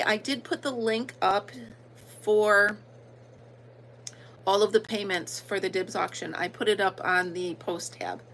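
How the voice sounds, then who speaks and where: A woman's voice: medium pitch, fairly bright tone, slight background noise, low-quality recording. Chatty American country woman streaming live. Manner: chatty, greets viewers by name, filler ums. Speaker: livestream host. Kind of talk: casual livestream chat.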